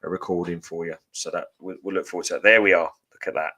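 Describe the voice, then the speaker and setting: A man's voice: sits low, steady tone, fast, pushed and bright. A man co-hosting a podcast, telling rambling anecdotes full of ums and uhs. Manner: rambling anecdotes with many fillers. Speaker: podcast co-host. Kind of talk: casual chat. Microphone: podcast microphone.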